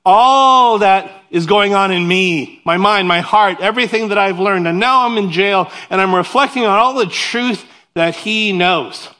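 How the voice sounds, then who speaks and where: A man preaching a sermon as pastor, animated and conversational, turning to the congregation with questions and personal asides. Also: high voice, a little slow, hardly any pauses.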